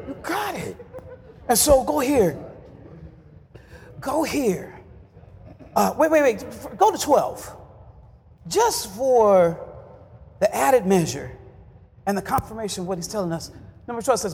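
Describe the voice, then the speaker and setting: A pastor preaching a sermon with call-and-response and shouted refrains. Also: male voice, extremely high pitch, sing-song, normal speed, long pauses, in a large hall.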